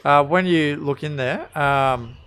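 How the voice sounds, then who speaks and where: Relaxed man running a tabletop game. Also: on the high side, slow, smooth. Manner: relaxed, reads lore aloud, answers players' questions. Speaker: game master.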